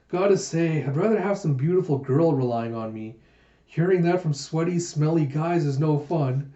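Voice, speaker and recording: A man's voice: medium pitch, warm tone. Man reading manga aloud, echoey. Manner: narrates panels and reads character lines aloud with playful voices. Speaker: manga reviewer. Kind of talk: animated manga readthrough. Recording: muffled lo-fi echoey room.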